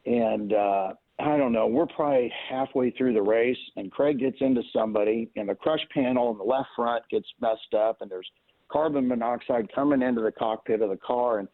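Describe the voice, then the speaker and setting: A man calls in and tells a long string of stories about racing in a loose, meandering way, often stopping to restart a sentence. His voice has a gravelly edge, and it comes through a thin, tinny phone line. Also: mid-range voice, moderate pace. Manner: rambling, lots of "you know" and restarts. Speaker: race car owner, guest. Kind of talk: casual anecdotal storytelling.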